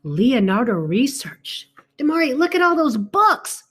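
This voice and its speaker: A woman reads a picture book aloud to a child, her voice high and her pace slow and unhurried. She breaks off the story often to exclaim and ask the child about the pictures, keeping it animated. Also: faint music behind. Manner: animated, talks to a child between pages. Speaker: reader to a child.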